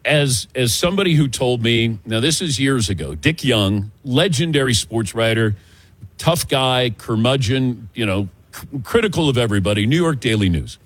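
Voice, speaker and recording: A male radio host with a husky, slightly rough voice, recorded close and dry with no room sound. He chats loosely with his crew, laughs easily and spins little stories. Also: medium pitch, animated, moderate pace, dry recording. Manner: laughs often, tells anecdotes. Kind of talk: casual studio banter.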